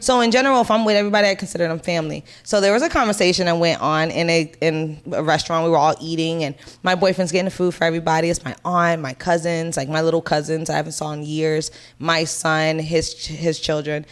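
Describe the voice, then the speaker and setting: A woman's voice: low-pitched, steady tone, fast talker, few pauses, clean tone. A Puerto Rican woman in her thirties, co-hosting a podcast, telling a family story in casual, blunt and profane chat. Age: 30s. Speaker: podcast co-host.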